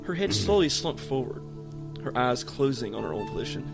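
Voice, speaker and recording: Podcast co-host, male, casual story reader, clear music bed underneath. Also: medium pitch, big pitch swings, fairly quick. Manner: casual, breaks off to joke. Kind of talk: reading a story aloud to friends.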